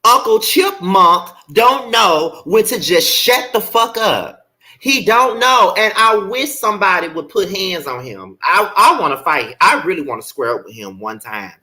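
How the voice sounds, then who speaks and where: A male vlog host rants bluntly and profanely to his viewers. His pitch swings in a lively way and his tone is bright and forceful. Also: a little slow. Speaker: commentary channel host. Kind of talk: casual commentary vlog.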